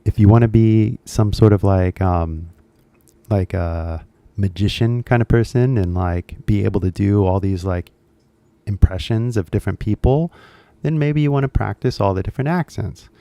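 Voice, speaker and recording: Man, Californian accent, English teacher, casual chat, lowish voice, dry close sound. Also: normal speed, warm tone, no echo. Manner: chatty, many fillers, switching between English and Japanese.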